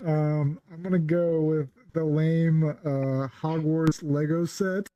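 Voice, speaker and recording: A man's voice: on the high side, steady tone, slow pace, muffled recording, very noisy. A man co-hosting a casual podcast, easygoing and laughing along. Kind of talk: casual banter.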